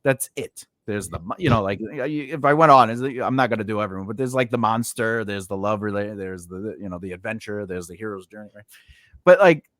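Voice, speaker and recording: A man's voice: on the low side, brisk, a bit bright, no echo, clean studio sound. A man hosting a casual chat over a video call, telling rambling stories full of fillers and restarts. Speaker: podcast host.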